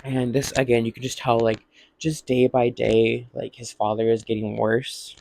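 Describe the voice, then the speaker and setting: Gravelly-voiced man rambling through a recap. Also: mid-range voice, little pitch movement, moderate pace, darkish tone, dry recording. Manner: rambling, heavy use of "like", acts out quotes. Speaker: vlogger. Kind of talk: casual TV episode recap.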